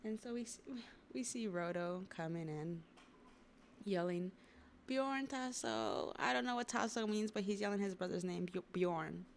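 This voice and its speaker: A young woman livestreaming, reading a comic aloud and reacting in casual slangy chat, quick to get excited. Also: lowish voice, vocal fry, slight background noise. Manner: slangy and excitable, says bruh and y'all.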